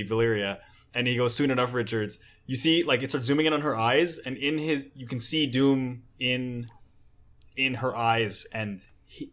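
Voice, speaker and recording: A man's voice: mid-range voice, a bit bright. Man musing loosely about comics. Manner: rambling, hedging with "like". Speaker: podcast co-host. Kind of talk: casual comic book discussion.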